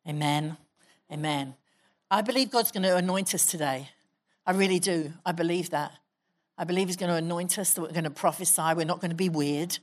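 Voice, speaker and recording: A woman pastor preaches to her congregation in a fairly low voice. She exhorts her listeners and leads them in spoken prayer. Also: brisk. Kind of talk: sermon with prayer and prophecy. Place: church hall.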